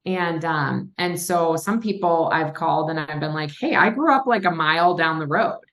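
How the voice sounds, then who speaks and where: A woman's voice: sits low, moderate pace, fairly bright tone. A woman from Minnesota, a real estate investor chatting casually on a podcast and acting out her phone calls as she tells stories. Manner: chatty, storytelling, acts out quoted phone calls.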